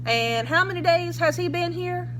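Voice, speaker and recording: A woman's voice: very high-pitched, normal speed, background noise, pitched above the performer's own voice. Woman doing a suspicious, pushy sheriff. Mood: skeptical. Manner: blunt, accusing, pushy questions. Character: gruff suspicious male small-town sheriff. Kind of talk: storybook read-aloud.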